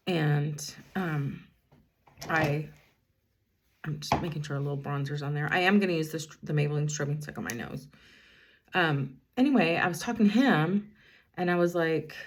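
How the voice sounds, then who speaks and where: Gravelly-voiced woman in her fifties, chatty. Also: deep voice. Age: 50s. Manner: rambling, chatty, breaks off mid-story to narrate makeup. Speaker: vlogger, school bus driver. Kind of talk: casual get-ready-with-me chat.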